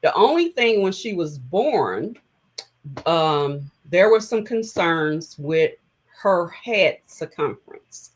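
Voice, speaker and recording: A woman's voice: on the low side, very animated, takes it slowly, poor audio. A middle-aged woman telling a personal story as an interview guest, conversational and emotional, with many fillers.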